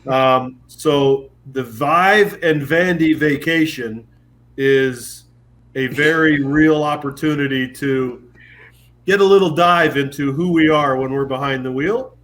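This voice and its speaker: A middle-aged man from Canada, a guest on a podcast, telling stories in lively casual chat and swearing casually. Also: fairly high pitch, slow pace. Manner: animated storyteller, swears casually, puts on voices. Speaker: guest, former pro football kicker.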